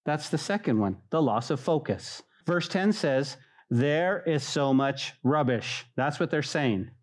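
A male pastor delivering a lively midweek sermon in a church. His voice sits a little high for a man, and he keeps jumping into quick little impressions of his congregation before dropping back to his preaching tone.

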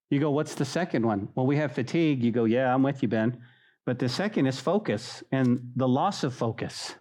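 A man preaching a sermon in church, animated and conversational, acting out what his listeners might say. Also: mid-range voice. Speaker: pastor.

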